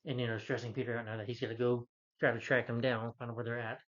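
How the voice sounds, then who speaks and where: A man walks through a movie's plot in loose, rambling fashion, restarting sentences and tossing in quoted lines without changing his voice. His pitch sits in the middle of the usual range for a man. The recording sounds a bit dull and lo-fi. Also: little pitch movement, fast. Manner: rambling, with many restarts and fillers; quotes characters in his own voice. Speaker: film reviewer. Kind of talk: casual plot recap.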